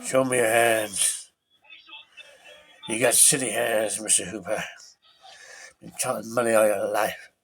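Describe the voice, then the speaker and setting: A man imitating a gruff, weathered old male shark hunter in a slow, low, growling drawl while he retells a film scene. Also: fairly even intonation, fairly bright tone, soft background music.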